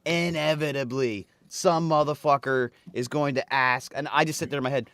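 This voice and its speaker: A man's voice: mid-range voice, fairly even intonation, moderate pace, hardly any pauses, a bit bright, smooth, dry recording. A man co-hosting a casual podcast chat, blunt and profane. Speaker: podcast co-host.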